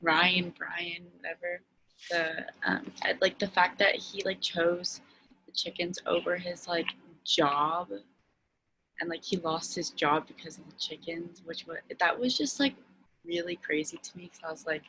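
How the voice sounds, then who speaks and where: Woman student, lower voice, bright tone, casual, faint room noise. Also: steady tone, unhurried, low-quality recording. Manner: casual, lots of "like". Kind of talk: class discussion comment. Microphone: video call.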